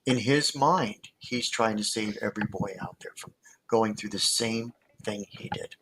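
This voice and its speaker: A man's voice: on the low side, a little slow, a bit bright, a little hiss or hum, rough recording. A man, a hypnotist guest, explaining his methods in casual talk with many fillers and restarts, heard over a video call.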